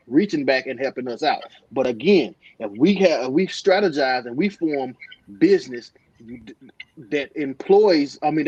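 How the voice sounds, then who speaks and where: A man talks on a podcast panel in a halting, earnest way, stopping and restarting his points. The sound is dry and a little dull, with no room around it. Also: mid-range voice, a little mellow, breathy edge, no echo. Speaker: podcast co-host. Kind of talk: casual discussion.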